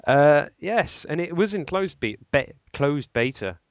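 A man's voice: fairly high pitch, expressive, dry recording. Guy rambling on a tech podcast, lots of ums, dry dull lo-fi sound. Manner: rambling, halting speculation with many fillers. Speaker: podcast host. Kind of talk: casual tech podcast chat.

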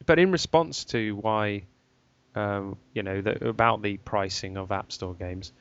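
A man's voice: on the low side, unhurried, fairly bright tone. A man hosting a podcast in rambling casual chat, laughing often. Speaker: podcast host. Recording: dull lo-fi podcast sound.

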